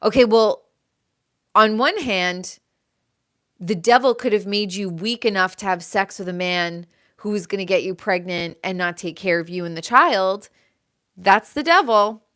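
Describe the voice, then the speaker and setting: A woman's voice: mid-range voice, moderate pace, a bit bright. A woman hosting her own live show, talking in a rambling, emphatic way full of "like". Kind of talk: casual livestream monologue.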